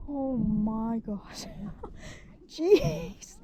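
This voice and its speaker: A woman vlogging a ski trip outdoors, chatting casually and checking on friends in an animated, concerned way. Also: a little high, very slow, heavy background noise. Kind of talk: casual chat. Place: outdoors on ski slopes and lifts. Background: loud music.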